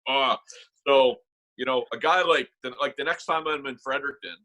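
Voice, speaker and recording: A man's voice: mid-range voice, brisk, bright, forceful tone, rough recording. A man co-hosting a podcast, chatting casually and enthusiastically with his guest. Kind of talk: casual chat.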